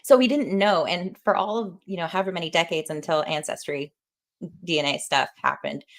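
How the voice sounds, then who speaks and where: Podcast host: animated woman, quick to laugh, casual chat. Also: lowish voice. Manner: animated, laughs often, talks with her hands.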